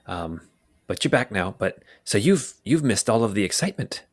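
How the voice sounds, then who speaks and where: A man voicing a tavern barkeep who leans in close and talks low, his voice climbing and dipping as he grows riled up about the occupiers. He sounds conspiratorial and bitter, an everyday voice from a tabletop game. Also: sing-song, moderate pace. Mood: hushed. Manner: conspiratorial, lowers voice. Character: male barkeep, friendly then angry.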